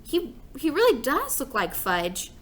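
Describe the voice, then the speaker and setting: A woman voicing a gentle mother who is fond and amused. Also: high voice, wildly swooping pitch, measured pace, voice pushed up, full character voice.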